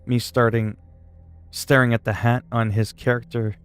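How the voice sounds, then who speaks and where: A man's voice: medium pitch, level tone, moderate pace, clean tone, soft background music. A man chatting casually while livestreaming a game, answering chat questions in a laid-back, swearing way.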